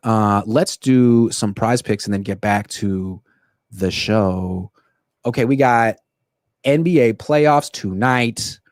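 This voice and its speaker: A young man hosting a solo sports show, ranting in animated, quick bursts. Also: on the low side, dry recording, studio quality. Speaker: sports podcast host. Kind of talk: solo livestream commentary.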